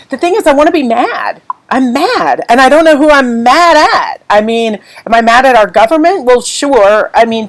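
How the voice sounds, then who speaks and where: A woman's voice: medium pitch, low-quality recording. Woman rambling emotionally on a live stream. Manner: candid, rambling, emotional, fighting back tears. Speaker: craft artist hosting a live stream. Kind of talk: unscripted live chat with viewers. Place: at home.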